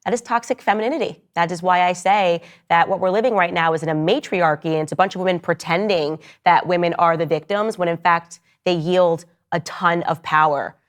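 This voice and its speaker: Woman podcast host, lower register, argumentative commentator who talks straight to the audience. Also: fairly even intonation, brisk, hardly any pauses. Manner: argumentative, addresses listeners directly. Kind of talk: opinionated commentary.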